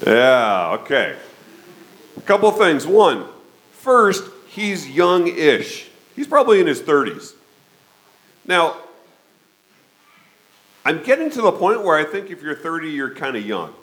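A man in his fifties preaching a conversational sermon, often checking in with his listeners with a quick "okay?". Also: on the high side, very animated, fairly bright tone, low-quality recording. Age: 50s. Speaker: pastor.

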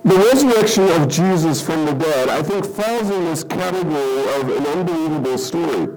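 Male pastor, lively conversational sermon delivery, fairly high voice with a wide, swinging pitch, keeps asking "okay?". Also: moderate pace, music in the background, poor audio. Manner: animated, conversational, acts out quoted reactions; says "okay?" often to the congregation.

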